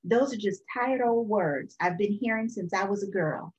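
A woman voicing a loving, firm mother of two boys who speaks low and soothing. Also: moderate pace, darkish tone, muffled recording, close to an everyday voice.

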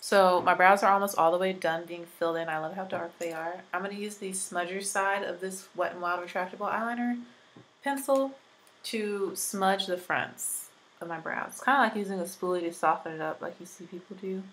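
A woman's voice: fairly low pitch, steady tone, normal speed, a bit bright, rough recording. Chatty young woman doing a makeup tutorial. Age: 20s. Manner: chatty, rambling, many "like" fillers. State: recovering from illness. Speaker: beauty vlogger. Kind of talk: casual makeup tutorial chat.

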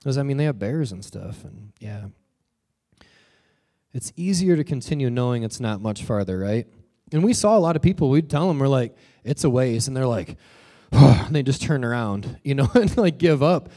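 A young adult man, a pastor, giving a sermon, telling a story with lively acted-out quotes. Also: medium pitch, normal speed.

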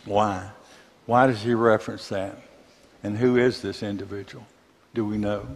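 A man from Mississippi with a Southern accent, teaching a church Bible class in a conversational way, asking the class questions and pausing on fillers. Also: fairly low pitch, fairly even intonation, in a large hall.

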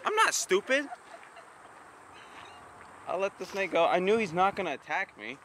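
A man's voice: high-pitched, quick pace, a bit bright, slight background noise. A young man vlogging casually while walking through an outdoor park, joking and ranting in mock exasperation.

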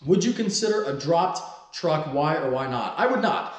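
A man's voice: on the high side, lively intonation, normal speed, echoey room. A man in his twenties, a car vlogger in casual vlog talk, loose and joking, who swears freely. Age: 20s.

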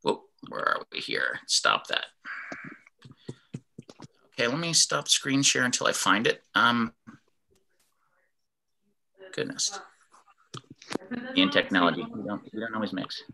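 A man leads an online fitness class over a video call, sharing his screen as he explains. His voice is bright and carries well, and it sits slightly low. He acts out example sentences in different tones as he teaches. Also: big pitch swings, unhurried, creaky, pauses often, a little hiss or hum.

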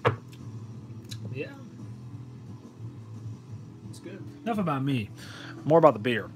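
A man's voice: mid-range voice, sing-song, slow pace, poor audio. Rambling young man, music behind. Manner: rambling, offhand, self-deprecating. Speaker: vlogger. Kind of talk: casual vlog chat.

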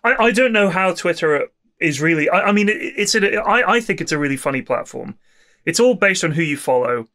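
A man's voice: high-pitched, lively intonation, fairly quick, bright, forceful tone. A man with children hosting a podcast, reading out listener mail in casual, emphatic chat with stammering restarts. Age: adult with children. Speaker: podcast host reading the mailbag.

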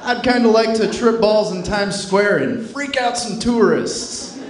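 Male stand-up comedian, deadpan and dry, high voice, roomy club sound. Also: unhurried. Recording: echoey club with loud crowd laughter.

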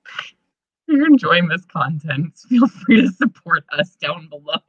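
A woman's voice: fairly low pitch, sing-song, slow, breathy edge, no echo. A woman co-hosting a podcast in casual chat, who swears often and laughs easily. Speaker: podcast co-host. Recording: dull lo-fi podcast mic.

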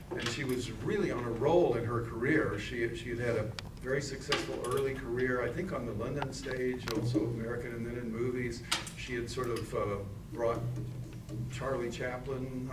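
A man's voice: medium pitch, background noise. Man telling stories between songs, roomy sound. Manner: rambling anecdotal storytelling. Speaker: musician introducing songs. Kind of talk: live concert banter. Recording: roomy, distant mic, music.

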